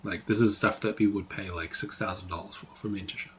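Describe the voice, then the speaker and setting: A man's voice: sits low, steady tone, fast talker, a bit bright, slight background noise. A man teaching trading on a live stream, talking casually, swearing freely and saying "like" a lot. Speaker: trading educator.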